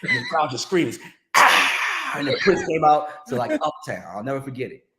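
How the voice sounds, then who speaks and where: A man telling a story in casual chat, animated and acting out other people's lines. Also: medium pitch, fast talker, heavy background noise. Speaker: podcast guest, music industry veteran. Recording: roomy echo.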